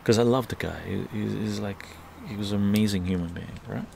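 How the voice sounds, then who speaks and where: A man's voice: on the low side, steady tone, fairly quick, vocal fry, a little mellow, slight background noise. A middle-aged man from Canada casually telling a rambling story on a live stream, tagging his sentences with "right?".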